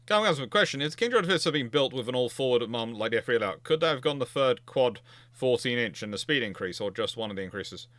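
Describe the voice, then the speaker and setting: A man's voice: medium pitch, lively intonation, fast talker, a bit bright, dry recording. A man hosting a naval history livestream, answering viewer questions in a chatty, emphatic way, thinking aloud with frequent restarts. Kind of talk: casual livestream Q&A.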